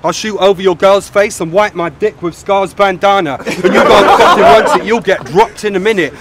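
A man's voice: high-pitched, moderate pace, a loud crowd, very noisy. A man from Ipswich, England, with a cold, rapping aggressive, boastful insults in an outdoor street battle. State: has a cold. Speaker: battle rapper. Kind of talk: rap battle verses.

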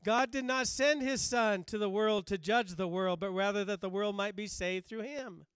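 A man preaching a sermon as pastor, with slow emphatic repetition and passages that drop soft and low. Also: clear, resonant tone, no room sound.

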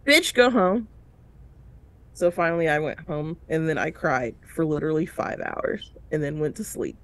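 Speaking at a moderate pace in a low voice, a reality show review podcast co-host shares a painful story during a casual chat. She reenacts the people involved with big shifts in voice, laughing through her tears.

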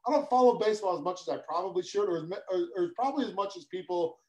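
A middle-aged man talking as a guest over a video call, his voice a touch high. He is easygoing and hesitant, pausing on fillers as he goes. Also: rough recording. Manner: laid-back, hesitant, many fillers. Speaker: guest, former player. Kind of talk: casual video-call chat.

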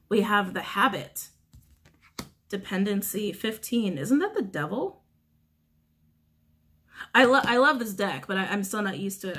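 A woman giving a casual, animated tarot reading to camera, often breaking into giggles and swearing freely. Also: mid-range voice, breathy edge. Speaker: tarot reader.

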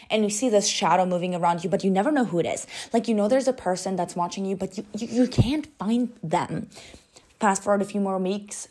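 Playful young woman telling a story. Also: fairly low pitch. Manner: playful, gossipy, addresses the viewer directly. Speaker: book vlogger. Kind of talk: chatty voice-over storytelling.

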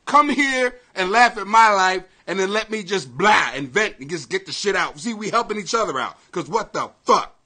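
A male comedian hosting a live podcast, ranting to his viewers in an excitable, profane, rambling way and apologizing often. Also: sits high, normal speed, hardly any pauses.

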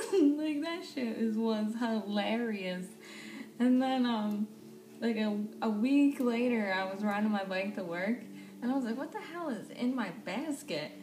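A young woman casually telling a storytime vlog, animated and swearing freely, laughing often. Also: a little high, measured pace. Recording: echoey room, faint background noise.

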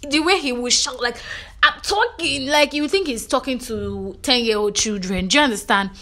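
A woman with a Nigerian accent giving a chatty gossip recap of a reality show, telling it in an animated way and often checking in with her viewers. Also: fairly high pitch, moderate pace. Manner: animated storytelling, frequent "you know" and "do you understand".

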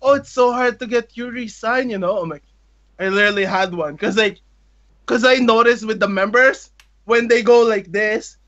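A man's voice: high-pitched, moderate pace, a bit bright, dull audio. A man eagerly telling a story, laughing often and acting out the dialogue. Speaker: guest telling a travel story. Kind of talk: excited storytelling with acted-out quotes.

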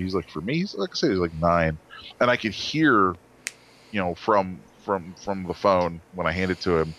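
A man's voice: sits low, animated, normal speed, fairly bright tone, a little hiss or hum. A man designer telling stories in a casual interview, rambling with restarts and acted-out quotes.

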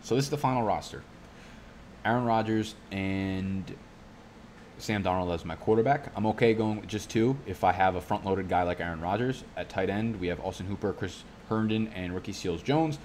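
A man's voice: deep voice, moderate pace, darkish tone, a little hiss or hum. A man giving casual, profane, rambling fantasy football commentary from a home studio, going off on tangents. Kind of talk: casual live-stream commentary.

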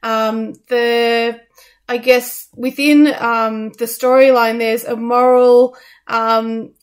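A woman's voice: a little high, flat delivery, slow. Chatty woman reviewing a show. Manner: hesitant, many ums and restarts. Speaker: radio co-host reviewing a musical. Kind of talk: casual review chat.

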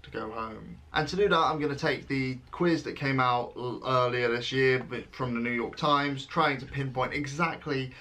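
A young man from England in his twenties, speaking British English, works through an online quiz in a casual vlog, reading the questions aloud. He's playful and self-mocking, adding jokey dramatic pauses. His medium-pitched voice sounds pushed and bright.

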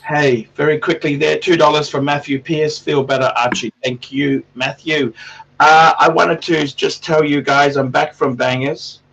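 A man's voice: a little high, fairly even intonation, a little slow, creaky, fairly bright tone, far from the mic, muffled recording. A man hosting a casual livestream chat, rambling and swearing a lot in a crude way. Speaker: livestream host.

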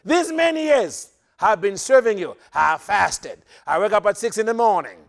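A man's voice: high-pitched, expressive, moderate pace, gravelly. A man voicing a resentful, dutiful older son who rants and complains about his hard work. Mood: complaining. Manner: whiny, complaining ranting.

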